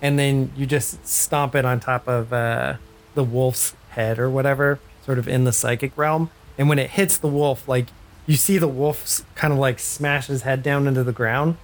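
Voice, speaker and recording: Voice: mid-range voice, fairly even intonation, normal speed. A game master narrating a tabletop game in a loose, rambling way with many fillers.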